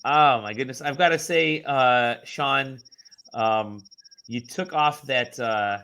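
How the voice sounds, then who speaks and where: A man's voice: medium pitch, takes it slowly, sharp tone. A man hosting a podcast over a video call, chatty and enthusiastic in his welcomes. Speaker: podcast host. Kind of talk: casual chat.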